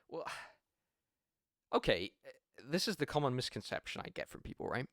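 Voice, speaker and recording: Brief: male sales coach, mid-pitched, casual and animated, swears freely, dry close recording. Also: moderate pace, pauses often, no echo. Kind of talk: casual tutorial talk.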